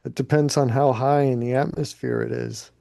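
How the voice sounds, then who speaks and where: Man, podcast co-host, gravelly voice, dark warm tone, dry close sound, thoughtful. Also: mid-range voice, fairly even intonation, normal speed, no room sound. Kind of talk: casual live podcast chat.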